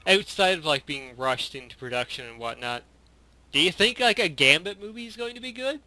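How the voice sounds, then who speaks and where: A man's voice: a little high, lively intonation, brisk, sharp tone, dry recording. A man co-hosting a podcast in easygoing casual chat, full of fillers. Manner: easygoing, asks questions, lots of likes and fillers. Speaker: podcast co-host. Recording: dry close sound.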